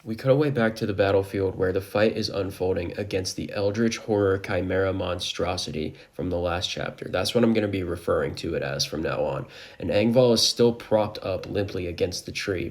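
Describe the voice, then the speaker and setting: Gravelly, low-voiced man recapping a manga. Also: moderate pace. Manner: casual, enthusiastic, joking asides. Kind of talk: chapter recap narration with commentary.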